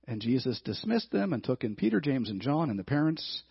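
A man pastor preaching a storytelling sermon that swings from loud, emphatic bursts to quiet, hushed lines. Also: mid-range voice, very animated, brisk, creaky, few pauses, husky, dry recording, lo-fi sound.

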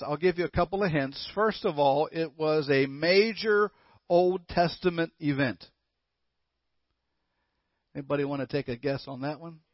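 Pastor, male, higher-pitched, conversational sermon with audience questions, muffled dry recording. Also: no room sound. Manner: conversational, coaxing the congregation, reads scripture aloud.

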